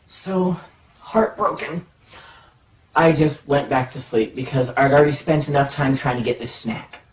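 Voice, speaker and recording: A man telling a childhood story in an animated, playful way, dragging out pauses for suspense. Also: mid-range voice. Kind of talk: personal anecdote storytelling. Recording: roomy, from a distance.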